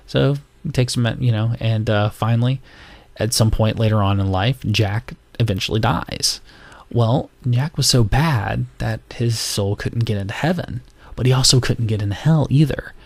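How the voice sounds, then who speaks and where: A man's voice: fairly low pitch, normal speed, vocal fry, a little mellow, dry recording. A man from North Carolina, hosting a podcast and telling stories in a loose, rambling way full of fillers. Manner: rambling storytelling with many fillers. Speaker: podcast host. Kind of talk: casual podcast monologue.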